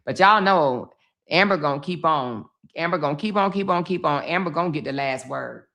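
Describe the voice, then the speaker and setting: Livestream host, woman, chatty storyteller, low-ish voice, swears freely. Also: brisk, fairly bright tone. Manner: chatty storytelling, swearing, acts out others' lines. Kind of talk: casual livestream commentary.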